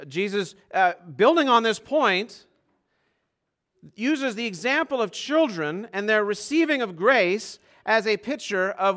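A man delivers a sermon in a slightly high, bright, forward voice. He swings from loud, urgent emphasis to low, quiet stretches and slows right down to press home his key phrases. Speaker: pastor.

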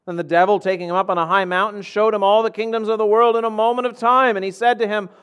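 A man pastor preaching a sermon to his congregation, earnest, moving between hushed low passages and raised emphatic ones. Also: steady tone, quick pace, smooth.

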